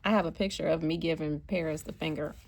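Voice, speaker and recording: An American woman telling a personal travel story in a chatty, animated way, acting out what people said. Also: deep voice, quick pace, vocal fry. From United States. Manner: chatty, animated, acts out quotes. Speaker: vlogger and spiritual card reader. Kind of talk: casual storytelling.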